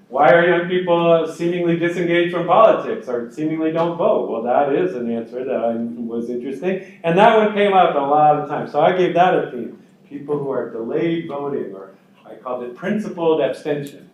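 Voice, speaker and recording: Guy lecturing a college class, laid back and chatty, kinda echoey room. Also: on the high side. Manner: conversational, uses plain examples and asides. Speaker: college instructor.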